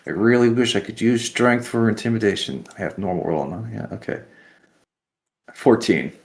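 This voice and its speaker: A man with a low voice plays in a casual tabletop game. He talks eagerly, tripping over his words and restarting as he plans his moves. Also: animated, moderate pace. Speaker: player.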